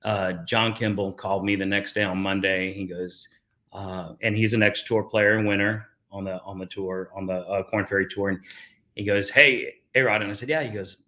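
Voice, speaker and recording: Middle-aged man from South Texas, podcast guest, low voice, storytelling, lots of fillers. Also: steady tone, normal speed, pushed and bright. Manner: storytelling with many fillers and restarts. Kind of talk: casual interview talk.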